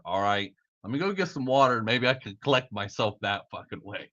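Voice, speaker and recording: A man's voice: fairly low pitch, lively intonation, a little fast, few pauses, fairly bright tone, highs cut off. A man hosting a live podcast in casual, profane talk, laughing at his own slip-ups. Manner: swears a lot, laughs off his own mistakes. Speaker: podcast host.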